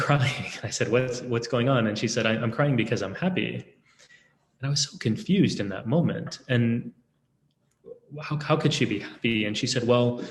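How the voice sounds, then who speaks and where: A man in his thirties telling a personal story in a reflective, halting way, often restarting his words. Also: medium pitch, a little hiss or hum. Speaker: speaker. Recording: echoey room.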